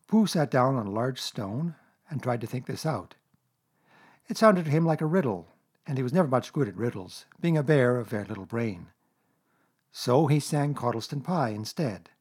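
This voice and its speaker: A man reads a children's storybook aloud in a gentle, measured way. His voice is husky and sits at a middle pitch. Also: big pitch swings. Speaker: narrator. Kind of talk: storybook reading.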